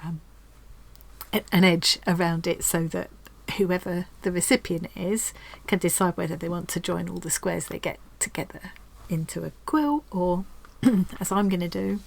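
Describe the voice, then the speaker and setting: A woman vlogger chatting casually at home as she opens a craft swap parcel, gushing and excitable, with frequent restarts. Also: lowish voice, moderate pace, creaky, poor audio. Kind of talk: casual unboxing chat.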